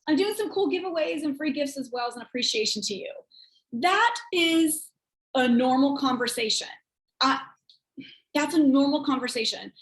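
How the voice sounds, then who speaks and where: A woman and sales team leader giving casual coaching talk, chatty and rambling, acting out quoted texts in a higher voice. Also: animated, normal speed, a bit bright, reverberant, poor audio.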